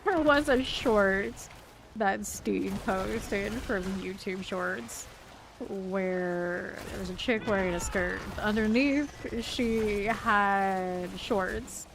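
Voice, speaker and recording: A woman, chatting casually while streaming a video game, chatty and quick to laugh. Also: mid-range voice, a bit bright, slight background noise. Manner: chatty, laughs often, trails off. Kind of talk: casual chat while gaming.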